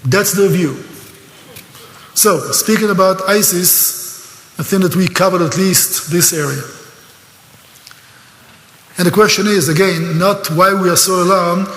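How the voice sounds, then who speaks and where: A man's voice: high voice, unhurried, long pauses, a bit bright, slight background noise. An older man with an Israeli accent giving a live seminar lecture, emphatic and sarcastic, at times openly emotional. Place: lecture hall. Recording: echoey hall.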